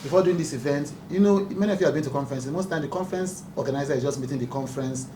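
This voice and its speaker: Very fast and a little high, a male talk show host delivers earnest, emphatic remarks at a press conference, frequently cracking up. The audio has echo, background noise, and a distant mic.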